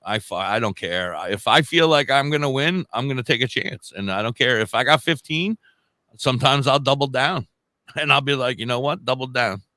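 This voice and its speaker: A man in loose, profane podcast banter. His bright voice leaps around in pitch as he acts out what people said. The recording is close and dry, with no room sound. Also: moderate pace, no echo. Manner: animated, swears freely, acts out quotes loudly. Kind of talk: casual profane chat.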